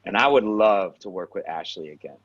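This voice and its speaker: A man with a New York accent speaks in a fairly low voice, blunt and animated as he tells stories in a casual interview. He swears freely and gets straight to the point. The recording is dull and lo-fi. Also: fairly quick, husky. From Queens, New York. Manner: direct, animated storyteller who swears. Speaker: actor, guest. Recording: dull lo-fi sound.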